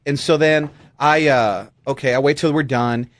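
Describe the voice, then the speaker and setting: A man's voice: medium pitch, normal speed, no echo, studio quality. A man hosting a casual radio talk show, telling a rambling story and laughing often. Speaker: host.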